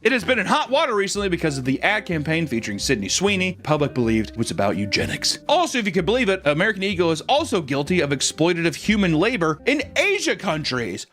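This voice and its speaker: A man's voice: sits high, huge pitch swings, fast, hardly any pauses, fairly bright tone. A man hosting a comedic store review vlog, rambling in a crude, profane, self-mocking way.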